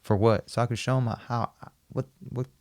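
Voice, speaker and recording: A man as a podcast guest, recounting a personal story and acting out the dialogue in an animated, repetitive way. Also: mid-range voice, normal speed. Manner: animated, acts out quoted dialogue, repeats himself.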